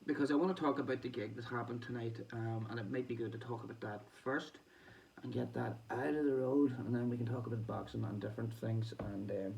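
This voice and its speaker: A man's voice: mid-range voice, steady tone, brisk, creaky, darkish tone. A man with a Northern Irish accent, talking in a rambling, chatty way in a casual diary-style vlog and laughing often. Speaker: boxing vlogger. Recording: distant mic with faint background noise.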